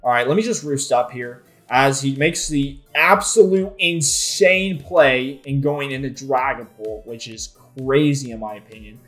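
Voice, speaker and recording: A man commentating his own competitive video game match, excitable, with frequent swearing and frustrated outbursts. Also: medium pitch, unhurried, hardly any pauses, faint music behind. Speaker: gaming YouTuber.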